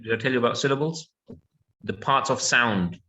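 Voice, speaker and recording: A man's voice: medium pitch, moderate pace, pushed and bright, rough recording. A man teaching an English lesson, patiently repeating words and checking that his student follows.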